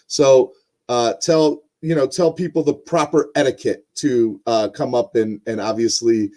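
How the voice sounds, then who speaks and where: Young male podcast host, mid-pitched, loose rambling delivery full of filler. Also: expressive, measured pace, dark tone. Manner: rambling, lots of ums and uhs. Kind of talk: casual sports podcast chat.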